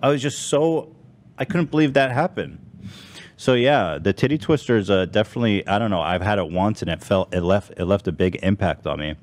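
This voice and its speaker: Male crew member, lower pitch, emphatic casual storyteller. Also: a little fast. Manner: expressive, emphatic retelling with laughter. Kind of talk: casual chat.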